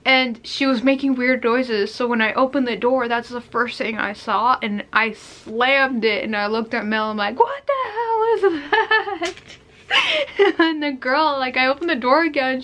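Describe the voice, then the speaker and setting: This young adult woman vlogger has a fairly high, slightly bright voice. She rambles casually through a storytime vlog, using "like" heavily and frequently restarting her sentences.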